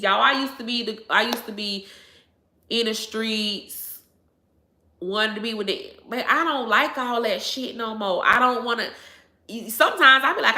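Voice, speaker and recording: A woman's voice: a little high, measured pace, sharp tone. A woman in her thirties, a YouTube host chatting to her viewers, blunt and preachy, swearing freely and repeating her points. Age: 30s. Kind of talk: casual chat to viewers. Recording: echoey room.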